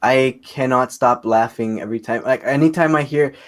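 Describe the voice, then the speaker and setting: Excitable man hosting a casual interview. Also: medium pitch, moderate pace. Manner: excitable, laughs often. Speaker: podcast host.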